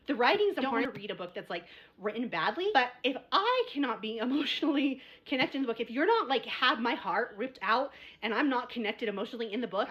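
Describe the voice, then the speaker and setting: A woman's voice: a little high, a bit bright. A young adult woman chatting casually in a book review video, rambling and repeating herself as she gets worked up.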